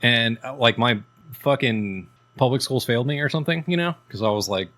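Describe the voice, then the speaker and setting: A male podcast co-host with a medium-pitched, slightly bright voice talks briskly in casual chat. His stories ramble, are full of profanity, and come with laughs.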